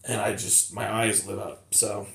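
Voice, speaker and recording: Male vlogger, unhurried, rambling show-and-tell, audible hiss and clicks behind. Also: lowish voice, flat delivery, a bit bright. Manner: rambling, self-correcting, chatty. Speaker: game collector showing finds. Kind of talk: casual show-and-tell vlog. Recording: clear background noise with clicks.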